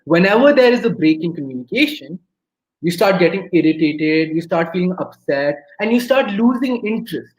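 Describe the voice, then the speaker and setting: A man with an Indian English accent giving a lively talk on communication at a webinar, acting out everyday scenes as he goes. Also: high voice, moderate pace. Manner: lively storyteller, acts out quotes. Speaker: webinar speaker. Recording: roomy echo.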